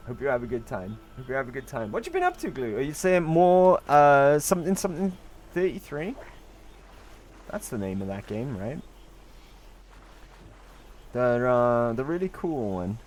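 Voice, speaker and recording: A man's voice: mid-range voice, darkish tone, slight background noise. A middle-aged man streaming a game live, chatting casually and teasing viewers with jokes and the odd curse word. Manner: joking, teasing banter with occasional swearing. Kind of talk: casual live-stream chat while playing.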